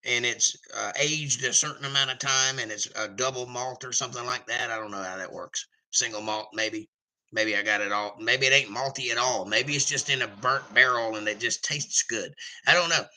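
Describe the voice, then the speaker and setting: A man's voice: medium pitch, normal speed, sharp tone, rough recording. A man hosting a casual live stream, reading chat comments aloud in a jokey, rambling way.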